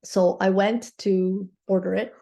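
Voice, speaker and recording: A woman's voice: medium pitch, flat delivery, unhurried, vocal fry, dark tone. A woman mindset coach telling a personal story in an earnest, grateful way, often checking in with her listeners with "okay?".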